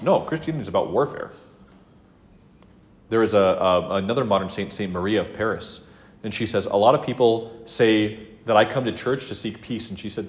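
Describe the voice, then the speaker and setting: A man giving an earnest, conversational religious teaching talk to a class, with asides and self-corrections. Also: lowish voice. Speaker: teacher of a class on spiritual life. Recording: roomy, dull lo-fi room recording.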